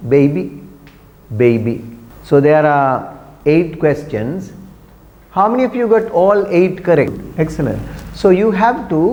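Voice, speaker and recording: Slow-paced male teacher in a reverberant room. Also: fairly high pitch, darkish tone. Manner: slow, repeats words and checks with "right?". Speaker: English teacher. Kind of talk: exam preparation lesson. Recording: dull lo-fi sound with long reverb.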